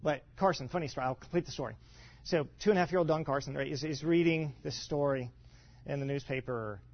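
Male pastor, higher voice, rambling teaching style with asides, muffled recording. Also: fast. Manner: conversational, many fillers and restarts, rhetorical asides. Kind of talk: teaching talk to a congregation. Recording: dull lo-fi sound.

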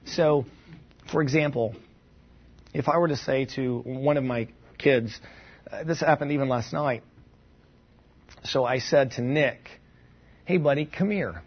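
A man with a slightly husky voice teaches from the Bible in a relaxed, conversational way. He thinks aloud and circles back with asides and restarts. The recording sounds dull and muffled. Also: mid-range voice, measured pace, long pauses. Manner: thoughtful, informal, with asides and restarts.

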